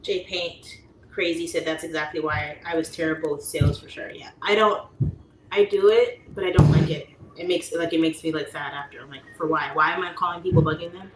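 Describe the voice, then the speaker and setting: Chatty woman doing a casual livestream, reads comments, does little voices, slightly low voice, echoey room. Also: fairly quick. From United States. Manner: chatty, acts out voices in her stories. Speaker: livestream talk show host. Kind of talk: casual livestream chat reading viewer comments. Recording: roomy echo, faint background noise.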